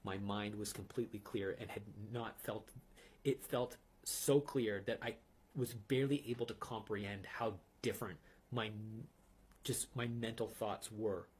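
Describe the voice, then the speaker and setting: A man telling a personal testimony in an intense, earnest way, sometimes dropping to a hushed whisper. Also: fairly low pitch, measured pace, slight background noise.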